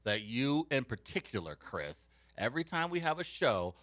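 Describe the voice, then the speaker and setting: Bright-voiced laughing male co-host. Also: medium pitch, normal speed. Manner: laughs often, animated storytelling. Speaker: radio show co-host. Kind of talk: casual banter.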